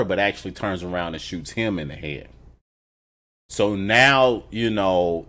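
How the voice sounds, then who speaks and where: A man giving a casual reaction review of a TV episode, retelling scenes in an animated, profane way with chuckles between remarks. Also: lowish voice.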